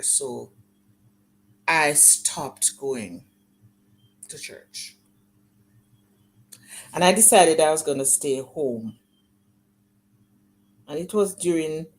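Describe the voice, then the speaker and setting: A woman's voice: low-pitched, slight background noise. A middle-aged woman giving an earnest, emotional personal testimony in an interview. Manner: earnest, emotional storytelling, acting out remembered dialogue. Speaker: guest sharing her life story.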